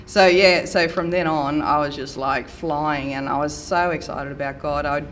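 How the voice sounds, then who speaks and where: A woman's voice: low voice, steady tone, normal speed, slight background noise. A middle-aged woman from Australia tells her faith story in an earnest, enthusiastic way. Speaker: church member giving testimony. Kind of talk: storytelling testimony.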